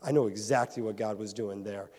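A man's voice: lowish voice, fairly quick, warm tone. A pastor preaching an earnest, emphatic sermon to his congregation, repeating phrases for weight. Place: church hall. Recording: hall reverb.

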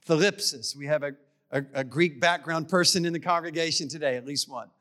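A man's voice: on the high side, fairly quick, fairly bright tone. A middle-aged man preaching a sermon in a church, emphatic and repetitive, often tripping over his words. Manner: emphatic, repeats key phrases, stumbles on words. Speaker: pastor.

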